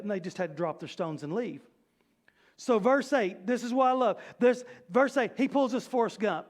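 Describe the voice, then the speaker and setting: High-voiced animated preacher. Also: male voice, normal speed. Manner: animated, conversational preaching with playful asides. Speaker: pastor. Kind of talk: sermon. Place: church sanctuary.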